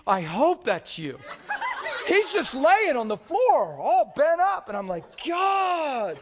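A man preaching a sermon, telling stories with animated swings from shouts to hushed whispers and laughing as he talks. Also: very high voice, slow pace, noisy background. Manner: laughs while talking.

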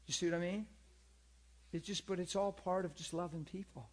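Animated earnest male preacher. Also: fairly quick. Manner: animated, acts out people in high pleading voices; earnest, repeats himself, asks listeners for agreement. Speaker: pastor and teacher. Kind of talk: conversational church teaching.

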